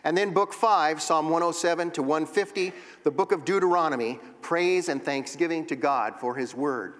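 A man with a fairly high, fairly bright voice teaches a Bible class at normal speed, breaking poetry down step by step. He reads verses aloud and taps out rhythms, and the hall adds a long reverb.

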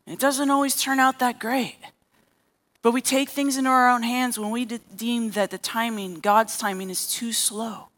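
A woman's voice: a little high, flat delivery, moderate pace, fairly bright tone. A woman preaching a sermon as a therapist, telling a story and acting out the characters' lines.

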